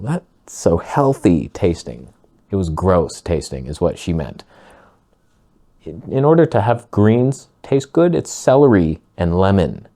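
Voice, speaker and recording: A man talking casually to camera as a vlogger, blunt, sarcastic and excitable. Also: sits low.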